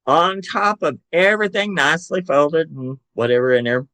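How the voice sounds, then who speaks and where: An older man with a Southern American accent, telling animated family stories as a podcast guest and acting out voices. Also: a little high, normal speed, no echo. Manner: animated storyteller who acts out relatives' voices. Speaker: podcast guest, psychic medium and author. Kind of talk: casual storytelling interview.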